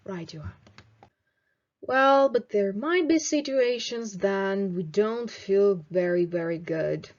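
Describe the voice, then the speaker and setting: A young woman teaching English in a video lesson, slowly modelling phrases for students to repeat. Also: medium pitch, dull audio. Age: 20s. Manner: slow, clear teaching delivery with drilled example phrases.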